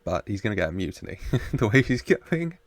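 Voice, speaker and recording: Gravelly-voiced man reacting to a show. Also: fairly low pitch, very animated, fairly quick, dry recording. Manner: chatty, laughs often, talks back to the screen. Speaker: reaction video host. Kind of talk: casual reaction commentary.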